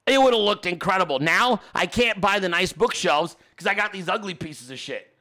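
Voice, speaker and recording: A man with a high, bright, forceful voice tells a story as a podcast host. He is animated and exasperated, and he curses heavily as he rants. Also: moderate pace. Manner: animated, exasperated, heavy cursing. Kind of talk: profane storytelling rant.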